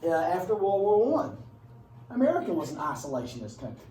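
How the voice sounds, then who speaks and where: A man's voice: high voice, sing-song, a little fast, dark tone, a little hiss or hum. A male history teacher giving a casual classroom lecture, rambling with joking asides. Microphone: far camera. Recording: echoey room from far off.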